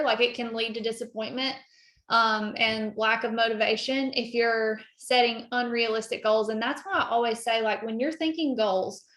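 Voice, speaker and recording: A woman's voice: on the high side, fairly bright tone, roomy sound. A woman hosting a team call, effusive and encouraging, talking casually about goals and commitment.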